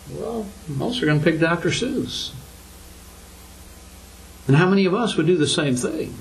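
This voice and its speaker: An older male preacher delivering a sermon in a fairly high voice. He speaks earnestly and keeps asking his listeners rhetorical questions, often lifting his voice to press a point home. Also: animated, normal speed, vocal fry, long pauses, low-quality recording.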